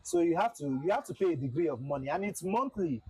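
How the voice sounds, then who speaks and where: Husky young man livestreaming a flight sim. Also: a little high, expressive, fast talker, mellow, no echo, low-quality recording. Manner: chatty, repeats himself, talks to chat. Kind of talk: casual livestream commentary.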